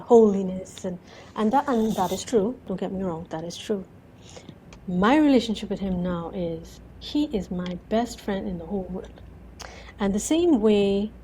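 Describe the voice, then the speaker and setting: Mellow-voiced woman telling her story. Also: mid-range voice, slight background noise, rough recording. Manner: animated storytelling, many repeated "and"s, acts out her own words. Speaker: guest. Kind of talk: conversational interview.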